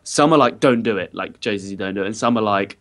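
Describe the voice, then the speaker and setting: A man's voice: lowish voice, quick pace, fairly bright tone. A man, a podcast guest telling a wry anecdote and acting out quotes. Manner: wry, storytelling with put-on quotes. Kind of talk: casual podcast chat.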